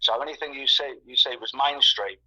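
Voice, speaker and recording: This guest, a man in his sixties from England, has a bright, forceful, mid-range voice and speaks fairly quickly. His casual talk rambles, full of repeated words and piled-up fillers, and the recording is muffled, lo-fi call audio.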